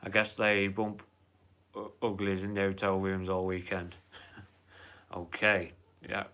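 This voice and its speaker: A man's voice: low-pitched, monotone, measured pace, bright, forceful tone, clean tone. A man hosting a casual live stream, chatting in a rambling way, swearing freely and reading out viewer comments.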